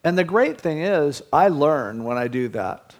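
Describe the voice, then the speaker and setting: Older male pastor, slightly higher-pitched voice, conversational sermon delivery with wry self-mocking asides. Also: animated, measured pace, muffled recording.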